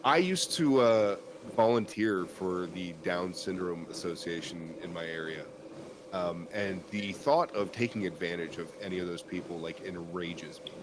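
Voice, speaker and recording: A man's voice: sits low, normal speed, noisy background. A man hosting a podcast in casual chat, rambling and swearing freely, with plenty of fillers and restarts. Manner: rambling and profane, full of fillers. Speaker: podcast host.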